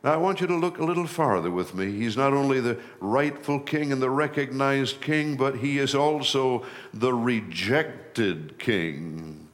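A middle-aged male pastor delivering a sermon at an unhurried, deliberate pace, with a voice of ordinary pitch for a man. He leans into key phrases, lifting his pitch and volume, and drags out words to give them weight. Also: animated. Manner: preaching with swells of emphasis on key phrases, slowing for weight.

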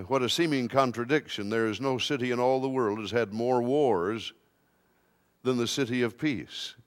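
Slow, emphatic male preacher. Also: medium pitch, long reverb tail. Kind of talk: sermon.

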